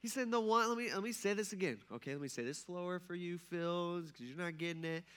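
A young man preaching a casual, conversational sermon as pastor, animated and laughing often as he acts out quoted dialogue. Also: high-pitched, fast, clean tone.

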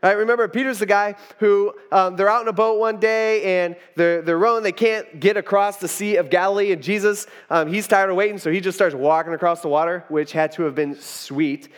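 A man's voice: high-pitched, steady tone, brisk, hardly any pauses. A man preaching a casual storytelling sermon, chatty and full of fillers, acting out the quotes. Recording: reverberant hall.

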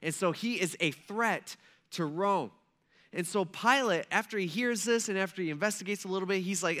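A man preaching a sermon in a conversational, animated way, acting out the people he tells about. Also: a little high, brisk. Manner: conversational, animated, acts out quotes. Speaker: pastor.

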